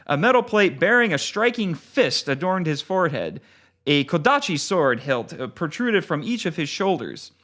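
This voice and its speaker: A man's voice: a little high, big pitch swings, moderate pace, a bit bright. A man, an author, reading his own novel aloud expressively and then chatting casually as a podcast guest.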